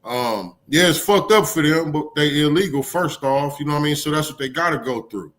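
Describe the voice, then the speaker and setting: A man's voice: on the high side, animated, a little fast, fairly bright tone. A man co-hosting a casual live-stream chat, laid-back and rambling, with frequent swearing.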